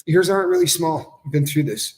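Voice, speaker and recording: A man co-hosting a relaxed livestream chat, his voice sitting a little high for a man. He teases and jokes, often trailing off into fillers mid-thought. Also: fairly quick. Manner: teasing, laughing, trailing off with fillers. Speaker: co-host. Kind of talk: casual couple's livestream chat.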